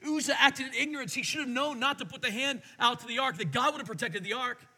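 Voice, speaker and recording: A middle-aged man preaching a sermon as pastor, telling stories in an animated way and swinging between quiet and loud. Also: very high voice, quick pace, breathy edge, big-room sound.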